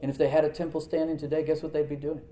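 A man's voice: on the high side, level tone, very fast, slight background noise. Man preaching in an echoey church. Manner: swings from loud emphatic preaching to hushed near-whispers. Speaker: pastor. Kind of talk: sermon. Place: church sanctuary.

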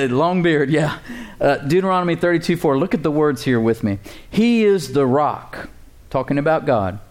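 A man's voice: on the high side, brisk. A man preaching a sermon as pastor, conversational and joking, building up emphasis in places.

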